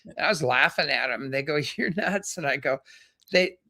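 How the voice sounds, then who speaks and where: A man's voice: medium pitch, moderate pace, bright, forceful tone. A man in casual conversation as a guest, telling stories and laughing often. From American desert.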